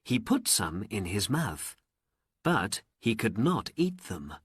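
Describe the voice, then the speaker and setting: A male storyteller narrates a learners' story very slowly and deliberately, with a pitch that swings widely. His voice is breathy and close, with no room sound. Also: no echo. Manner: very slow, deliberate, and expressive.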